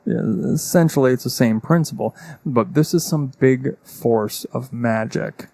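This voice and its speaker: A man's voice: mid-range voice, a little slow, a little mellow, dry recording. A man running a tabletop game as game master, explaining rules with fillers like "uh".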